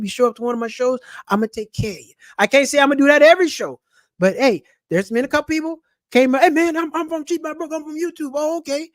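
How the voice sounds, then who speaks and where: Animated high-voiced man ranting casually. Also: dry recording, clean studio sound. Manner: animated, preachy, street-casual slang. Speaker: channel host and comedian. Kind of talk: casual personal finance vlog.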